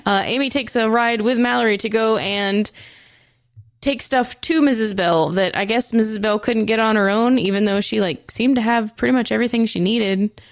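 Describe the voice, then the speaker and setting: A woman's voice: fairly high pitch, moderate pace, no room sound, clean studio sound. A woman co-hosting a podcast, recapping a TV episode in a chatty, profane and self-mocking way. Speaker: podcast co-host.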